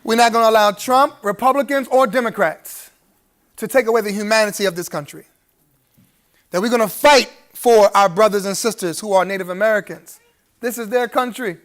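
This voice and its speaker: A man's voice: high-pitched, fairly bright tone. A man giving a live keynote speech at a gala, preacherly and humorous, chuckling through his asides and rising to emphatic appeals to the audience. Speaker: keynote speaker.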